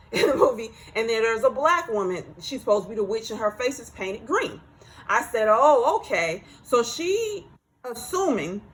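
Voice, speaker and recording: A woman telling a workplace story in a casual storytime monologue, animated and repeating herself as she acts out what others said. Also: high-pitched, poor audio.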